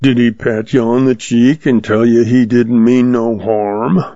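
A man's voice: mid-range voice, little pitch movement, a little slow, warm tone, no echo, close to an everyday voice. A man reading the part of a surly, quarrelsome cowboy with a sneering drawl, in a dry, slightly muffled recording.

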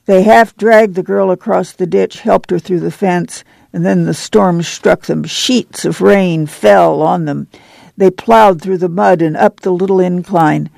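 A woman narrating an audiobook in a steady reading voice. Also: on the low side, measured pace, vocal fry, no echo.

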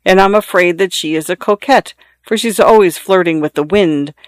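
A man's voice: sits high, normal speed, dry recording, studio quality, lightly acted. A man voicing a fussy, self-important little male swallow in a storybook reading, in a prim, slightly raised tone.

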